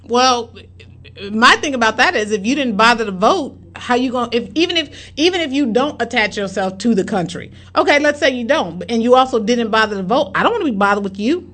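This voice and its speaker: A woman's voice: fairly high pitch, expressive, a little fast, fairly bright tone. A woman in casual chat, giving blunt, profane, opinionated rants.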